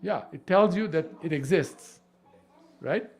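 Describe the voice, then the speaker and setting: A man teaching a devotional scripture class, animated and full of rhetorical questions. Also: a little high, unhurried. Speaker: spiritual teacher.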